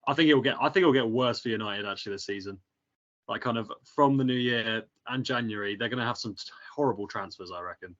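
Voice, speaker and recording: A man from England co-hosting a casual football chat, hesitant and trailing off quietly at the ends of his points. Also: medium pitch, fast, muffled recording. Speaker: podcast co-host. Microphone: video call.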